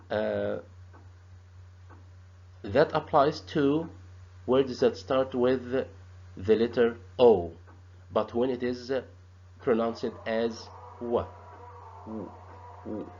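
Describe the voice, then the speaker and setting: Slow, halting male teacher. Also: medium pitch, vocal fry, mellow, slight background noise. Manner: slow, halting, repeats sounds and words. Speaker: English teacher. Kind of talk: grammar lesson. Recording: dull lo-fi sound.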